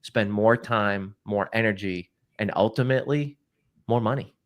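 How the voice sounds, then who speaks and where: A man co-hosting a live stream in a low voice. He speaks earnestly and often stumbles over repeated words as he restarts his sentences. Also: normal speed. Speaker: co-host.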